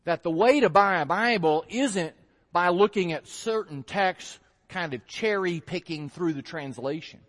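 A man preaching a sermon in a conversational way, asking rhetorical questions and acting out his listeners' reactions. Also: sits high. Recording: long hall reverb.

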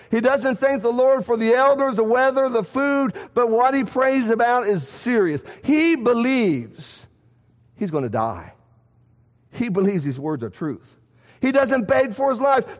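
A man preaching a sermon, rising to emphatic shouts and dropping to quiet, low lines. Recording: echoey hall reverb.

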